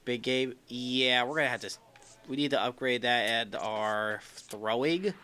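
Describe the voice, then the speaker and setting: A young man commentating his own baseball video game, excitable, yelling when upset and dropping to a low muttering tone when calm. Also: measured pace, smooth. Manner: excitable, yells in frustration then drops to a low muttering tone. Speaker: gaming YouTuber.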